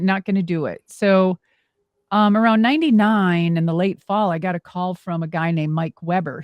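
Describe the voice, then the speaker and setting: A middle-aged woman, a former wrestler and monster truck driver, telling stories in an animated, exclamatory way as an interview guest. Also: on the low side, dry recording, highs cut off. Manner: animated, exclamatory, acts out quoted dialogue. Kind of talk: casual storytelling interview.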